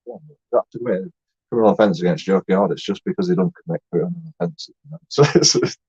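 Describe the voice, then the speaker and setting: A man's voice: sits low, lively intonation, quick pace, a little mellow, breathy edge, no echo. A man, a YouTube vlogger rambling in a boastful, jokey way, swearing and laughing as he talks. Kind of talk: casual rambling monologue. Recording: dull lo-fi dry sound.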